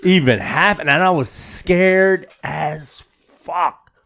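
A man's voice: fairly high pitch, expressive, takes it slowly, vocal fry, fairly bright tone. A man co-hosting a podcast, telling a story in casual chat, rambling with many restarts and repeated words, full of profanity and "bro". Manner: slangy and profane, says "bro" a lot. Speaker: podcast co-host.

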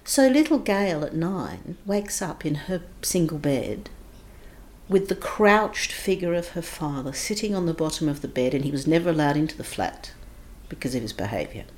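A woman with a slightly lower voice tells a personal story from her childhood. Her delivery moves between hushed, quiet stretches and bursts of raised intensity. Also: animated, moderate pace. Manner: vivid, emotional retelling with shifts between hushed and raised intensity. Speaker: guest recounting her childhood.

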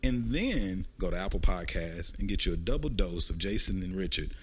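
A man's voice: low voice, big pitch swings, moderate pace, a little hiss or hum. Brash, profane man hosting a podcast. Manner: loud, profane, laughing banter. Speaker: podcast host. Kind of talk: casual chat.

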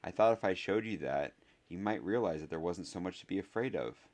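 A man's voice: low voice, expressive, brisk, a little mellow. A man voicing an intense young boy who fumbles through an apology with hesitant ums. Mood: contrite. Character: boy of about eleven, anxious, fumbling, rather intense.

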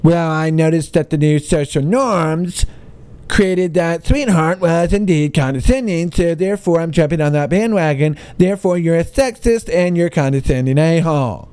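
A man's voice: a little high, normal speed, a little mellow, clear, resonant tone, lightly acted. A man mimicking a preachy, easily offended person in a mocking, self-righteous tone. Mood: smug.

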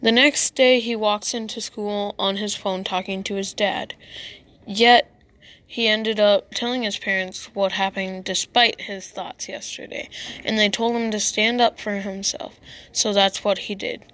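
A woman narrating a children's school story in a steady, plain reading voice. Her pitch sits in the middle range for a woman. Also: a little slow.

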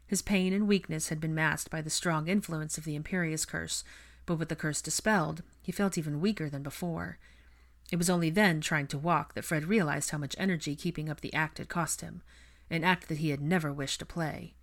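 A woman narrating a fan fiction story in a steady, measured reading. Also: low-pitched.

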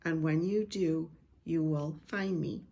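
A middle-aged woman, a Christian prophetic speaker, slowly and reverently reading a prophetic word and sharing a vision. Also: low voice, gravelly, dark tone.

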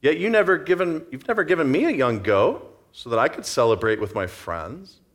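A man's voice: a little high, big pitch swings, normal speed. A man voicing a resentful, jealous older brother who complains in a whiny way. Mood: bitter.

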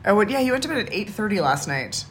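A woman's voice: medium pitch, sing-song, fast talker, a little hiss or hum. A woman co-hosting a casual podcast, talking in rambling, restarting sentences and laughing often. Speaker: podcast co-host. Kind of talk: casual chat.

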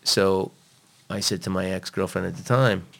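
Man, very low voice, gravelly, blunt and profane storyteller, interview guest. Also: normal speed. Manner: blunt, profane, animated retelling. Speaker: guest telling a personal story.

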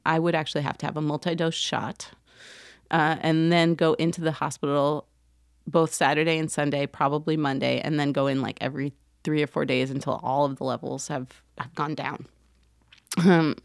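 A woman with a fairly low voice tells a personal story straight to her listeners. She is animated, slipping into other people's voices as she goes. The sound is close and dry. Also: moderate pace, no room sound. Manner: animated, acts out quoted voices, laughs often. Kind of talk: casual storytelling monologue.

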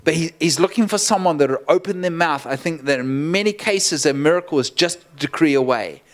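Animated storytelling male pastor. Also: on the high side, a little fast. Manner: animated, laughing often, acts out quotes. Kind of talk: storytelling sermon.

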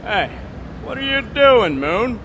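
An actor playing a brisk, exasperated young man giving orders in a game, over street noise. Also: extremely high pitch, sing-song, full character voice.

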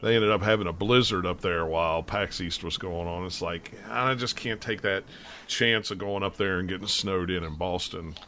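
A man co-hosting a podcast, talking in relaxed casual chat and repeating phrases as he goes. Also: low voice, normal speed, a little hiss or hum. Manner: relaxed, conversational, repeats himself. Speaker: podcast co-host.

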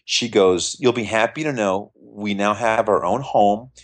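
A man's voice: on the low side, unhurried. A middle-aged man, a magician being interviewed, telling stories and acting out the voices of the people in them. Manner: animated storyteller acting out quoted voices. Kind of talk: storytelling in an interview.

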